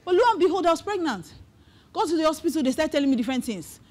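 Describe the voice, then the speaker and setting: Nigerian lady pastor telling her story in a sermon, pretty high voice, lively storyteller, drops into pidgin now and then. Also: racing, a little hiss or hum. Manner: animated storytelling, slipping into Pidgin asides. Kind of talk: testimony sermon.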